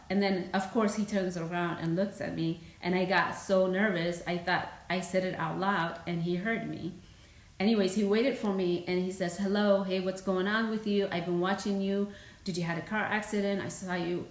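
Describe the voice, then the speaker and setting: A woman's voice: mid-range voice, echoey room, poor audio. A woman from Eritrea, a fitness host, telling a personal story in casual, earnest live-stream talk.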